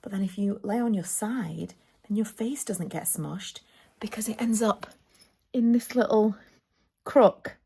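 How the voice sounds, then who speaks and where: A woman's voice: mid-range voice, measured pace, gravelly, dark tone. A woman in her thirties chatting casually to camera at home as a vlogger, enthusiastic and self-deprecating. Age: 30s.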